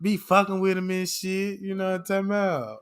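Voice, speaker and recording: A man with a high voice spins loose, comic stories as he hosts a casual chat. His talk is slangy, and he keeps checking in with his listeners. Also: flat delivery, fairly quick, clean tone. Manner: slangy, keeps asking "you know what I'm talking about". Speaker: host of an open chat stream. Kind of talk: casual comedic storytelling.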